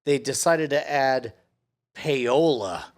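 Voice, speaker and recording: A man's voice: mid-range voice, animated, slow pace. A man co-hosting a podcast, joking wryly about a TV episode in casual chat. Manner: wry, joking, chuckles between phrases. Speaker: podcast co-host.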